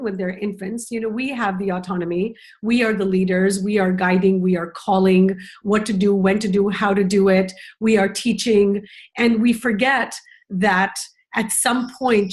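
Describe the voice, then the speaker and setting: At a conference, a middle-aged parenting educator gives a conversational talk, reflective and earnest, sprinkled with lots of "you know." Her pitch is medium.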